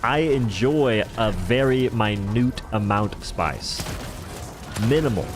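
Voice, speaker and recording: A man's voice: lowish voice, lively intonation, takes it slowly. A man streaming a game live, rambling and joking in casual chatter as he answers viewers' chat.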